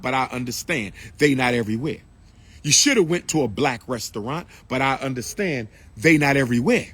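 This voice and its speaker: Here a man with a fairly high, slightly bright and husky voice delivers an impassioned lecture. He's preachy and repetitive, and he keeps calling out to the audience he's addressing.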